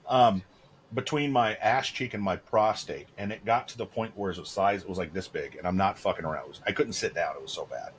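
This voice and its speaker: Podcast co-host, man, 30s, low register, candid and crude, filler-heavy anecdotes. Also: a little fast, slight background noise. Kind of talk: casual chat.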